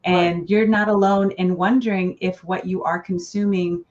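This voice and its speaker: A woman's voice: lowish voice, steady tone, moderate pace, darkish tone. Earnest woman therapist on a lo-fi recording. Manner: thoughtful, earnest, with light laughs. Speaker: relationship therapist, guest. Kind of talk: podcast interview. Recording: dull lo-fi sound.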